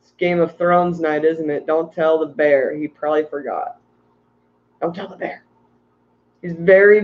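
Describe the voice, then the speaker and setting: High-voiced tired man rambling on a stream. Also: muffled recording. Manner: rambling, ranting, reads chat aloud. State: tired from little sleep. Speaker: aquarium fish livestream host. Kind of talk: casual livestream chat.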